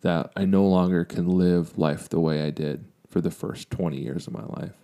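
A man's voice: deep voice, steady tone, normal speed. A young adult man on a podcast, casually and candidly telling a personal story with self-deprecating humor. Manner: candid, self-deprecating, drops to a quiet reflective tone. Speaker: podcast co-host.

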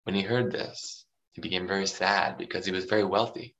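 A man's voice: deep voice, fairly even intonation, brisk, fairly bright tone, highs cut off. A man preaching a sermon in a loose, conversational way, often checking in with the listener. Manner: conversational, full of fillers like "you know" and "right".

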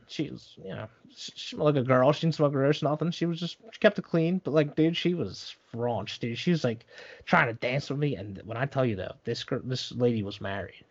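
A man's voice: medium pitch, gravelly, husky, lo-fi sound. A young man telling a long story in casual chat, rambling and profane, full of fillers.

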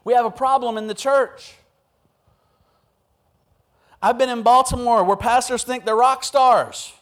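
A man preaching a sermon with humor, acting out quotes and stories in an animated way. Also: very high-pitched, unhurried. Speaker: pastor.

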